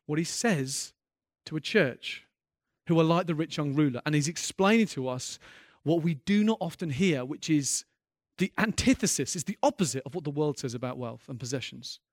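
A man's voice: on the high side, a little fast, no echo, studio quality. A man preaching a sermon as a pastor, earnest and impassioned, often restarting his sentences and building in intensity.

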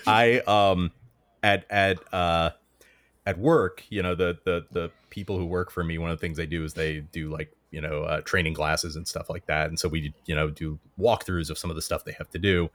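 Male podcast co-host, very low voice, casual and self-deprecating. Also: fairly even intonation, normal speed, a bit bright, dry recording. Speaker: manager at work. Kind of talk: casual chat.

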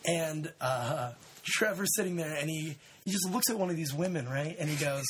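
A man's voice: on the high side, moderate pace, husky. Laid-back young man telling stories. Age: 20s. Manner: laid-back, rambling with many fillers and shout-outs. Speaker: podcast host. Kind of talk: casual storytelling chat.

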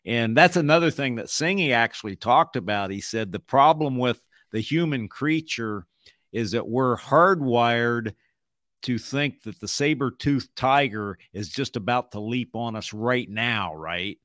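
A man's voice: mid-range voice, unhurried, a bit bright, no echo, studio quality. A man co-hosting a podcast, talking casually and reflectively, often checking in with "right?". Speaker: podcast co-host. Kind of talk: casual conversation.

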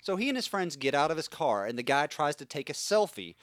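A man co-hosting a podcast in casual comedic chat, riffing crudely and deadpan. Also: on the high side, quick pace, no room sound, studio quality. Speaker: podcast co-host.

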